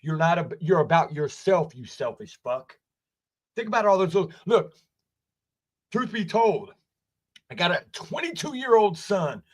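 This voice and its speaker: A man's voice: sits high, very animated, measured pace, long pauses. A man in his forties ranting angrily from his basement, swearing a lot and asking "right?" again and again. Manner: angry, swearing, repeating "right?". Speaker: wrestling streamer. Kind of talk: profane rant. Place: home basement.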